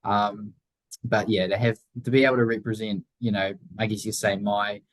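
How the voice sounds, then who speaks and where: Here the young racer, a teen from Southland, New Zealand, is again an interview guest, wandering around his ideas with plenty of fillers and false starts. He speaks in a flat, slightly low voice at normal speed. The audio is rough, dry, and close-miked, with no sense of the room.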